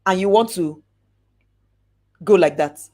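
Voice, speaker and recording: A woman giving a lively motivational talk, acting out examples and drawing out words for emphasis. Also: on the low side. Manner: animated, acts out examples, slow drawn-out emphasis. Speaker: speaker coaching on networking.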